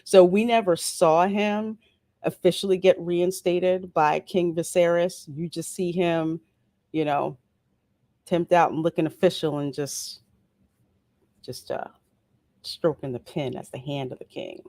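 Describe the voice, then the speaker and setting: A woman with a lowish voice hosts a casual livestream review, chatting easily and reading out viewer comments. The sound is close and dry, with no room around it. Her delivery is relaxed and playful, full of quick asides. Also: no echo. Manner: chatty, reads viewer comments aloud and answers them. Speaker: host of a show review channel.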